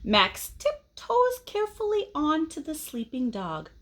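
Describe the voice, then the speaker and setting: A woman reads a picture book aloud to children, using a raised pitch with very lively rises and falls. She takes the story slowly and stops now and then to ask her listeners questions. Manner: expressive, asks the listeners questions.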